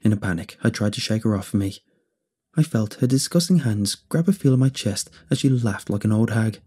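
Male horror storyteller, deep-ish and husky, measured delivery. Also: expressive, mellow. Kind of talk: scripted first-person horror narration.

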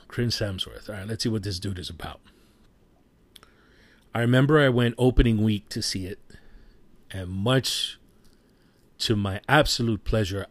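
A man's voice: mid-range voice, no echo. A man giving a casual spoken movie review, passionate and rambling, who swears freely.

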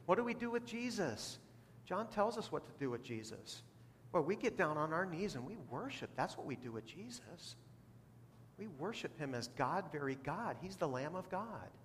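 A man's voice: a little high, big pitch swings, normal speed, a bit bright, a little hiss or hum. Preaching man in a reverberant hall. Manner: preaching with rising bursts of emphasis. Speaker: pastor. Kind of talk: sermon.

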